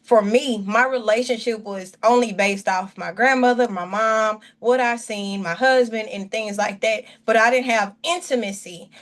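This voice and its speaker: A woman's voice: fairly high pitch, normal speed, hardly any pauses. A woman pastor speaking earnestly and from the heart as a guest, sharing her testimony in a casual chat, often rambling and restarting her sentences.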